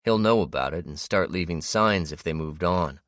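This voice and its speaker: A man reading an audiobook, voicing a calm, patient hunter who explains things at length. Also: low voice, normal speed, dry recording, studio quality. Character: grown man, a hunter and guide, calm and steady.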